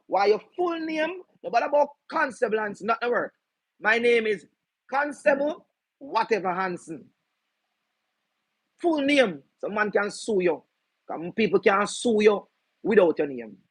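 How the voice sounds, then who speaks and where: A man's voice: high voice, a bit bright, breathy edge, no room sound, rough recording. A man with a Jamaican accent explaining legal policy to an audience, emphatic and firing rhetorical questions at his listeners. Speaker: legal educator.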